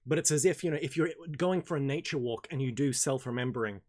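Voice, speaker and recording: A man's voice: medium pitch, fast talker, a little mellow. A man hosting a casual Q&A livestream. He talks in a rambling, self-correcting way, swears now and then, and laughs at his own asides. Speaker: host.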